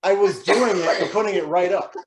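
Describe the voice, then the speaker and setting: A man's voice: high voice, fairly quick, echoey room, a crowd in the background. A man chatting as a guest on a video call, reflective and rambling, laughing easily. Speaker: guest, creator of an animated show. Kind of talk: casual video-call interview.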